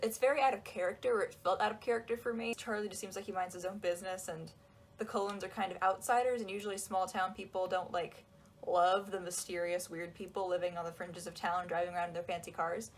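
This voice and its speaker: A young woman giving casual, sarcastic commentary on a book, acting out quotes in quick asides. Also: lowish voice, steady tone, low-quality recording. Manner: sarcastic, chatty, acts out quotes.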